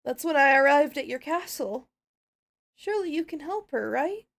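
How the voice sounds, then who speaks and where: A woman's voice: high voice, expressive, moderate pace, gravelly, a bit bright, heavily acted. A woman voicing a frightened pony mare with a Southern US accent, recounting an attack in a video game dub. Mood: shaken.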